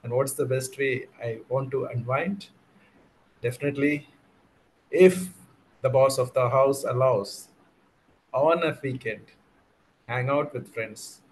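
A man's voice: medium pitch, slight background noise, low-quality recording. A man gives a jovial impromptu speech at a club meeting. His mid-range voice swings up and down for emphasis. The sound comes over a video call.

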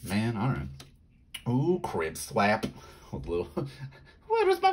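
A man giving casual commentary while opening card packs. He rattles off card text quickly and yelps in high bursts when he gets excited. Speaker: card pack opener.

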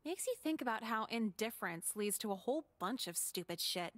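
A woman voices a sarcastic high-school girl who comments on everything with dry wit. Her bright, slightly high voice sits in a dry, close recording. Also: fairly quick, no room sound. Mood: deadpan. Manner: deadpan, wry. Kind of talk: game character voice acting.

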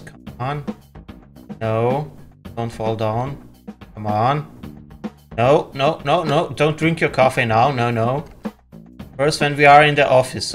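A man hosting a let's play, commenting on his game, often laughing and pleading at it. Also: medium pitch. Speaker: gaming channel host.

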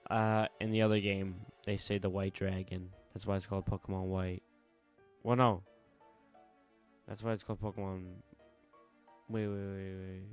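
Young male let's-play host, low clean voice, relaxed and jokey, faint game music under him. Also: moderate pace, clear, resonant tone. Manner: casual, joking, reads game text aloud. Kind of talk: gameplay commentary.

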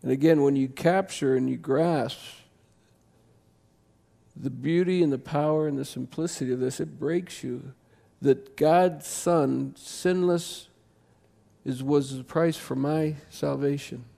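A pastor preaching a sermon in a church, conversational and impassioned, jumping to loud emphasis. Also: male voice, a little high, slow pace, vocal fry. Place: church sanctuary.

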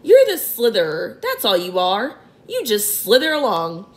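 A woman's voice: a little high, animated, unhurried, fairly bright tone. Woman doing a boastful male centipede. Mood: scornful. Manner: proud, show-off. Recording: roomy echo.

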